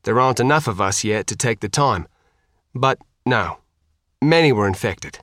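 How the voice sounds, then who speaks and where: A man voicing a calm, grave male commander who speaks in a measured, formal way. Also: medium pitch, no room sound, studio quality, close to an everyday voice.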